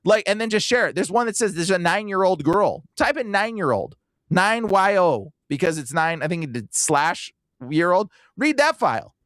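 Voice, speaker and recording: Podcast host, male, high and very animated, casual rants, dry close mic. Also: moderate pace, no echo. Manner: animated, impersonates people he talks to.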